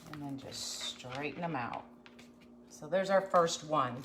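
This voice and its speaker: An American woman with a deep voice hosts a live craft demonstration at a measured pace, with background noise present. She's chatty and folksy, talking with viewers as she works.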